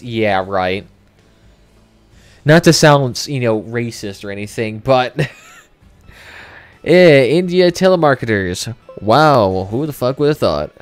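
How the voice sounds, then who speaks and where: A young man commentating casually as he livestreams a game, chatting with viewers and swearing freely. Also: mid-range voice. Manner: chatty, swears freely, reads chat aloud. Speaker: gaming livestreamer. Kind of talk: casual live commentary while playing.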